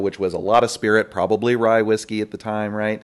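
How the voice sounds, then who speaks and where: A man's voice: lowish voice, little pitch movement, quick pace, clear, resonant tone. A man co-hosting a casual conversation, chatting and adding historical asides.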